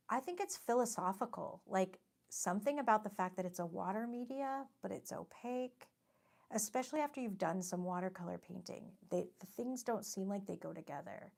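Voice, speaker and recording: A woman chats casually through a painting livestream, talking to her viewers as she works. Her voice sits low with a gravelly edge. She is friendly and self-deprecating as she reads comments aloud. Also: a little mellow. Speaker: livestream host and watercolor artist.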